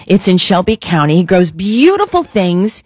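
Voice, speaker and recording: A woman's voice: fairly low pitch, sing-song, moderate pace, a little mellow, slightly rough, no room sound, studio quality. A woman hosting a radio chat show, talking in a chatty, upbeat way and laughing easily.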